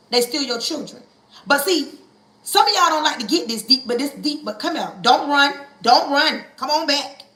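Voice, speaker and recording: A woman's voice: high-pitched, sharp tone, roomy sound, rough recording. A woman preaching on a livestream, coaxing listeners and hammering her points through call-and-response and repetition. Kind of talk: impassioned livestream sermon.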